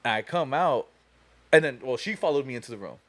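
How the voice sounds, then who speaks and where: A man's voice: medium pitch, expressive, brisk, fairly bright tone. A young man hosting a podcast, telling a long story casually, profane and laughing as he goes. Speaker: podcast host.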